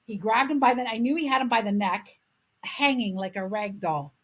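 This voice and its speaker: Middle-aged woman podcast co-host from Canada, husky, a bit high, animated and foul-mouthed. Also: normal speed. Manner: animated, swears freely. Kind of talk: casual storytelling chat.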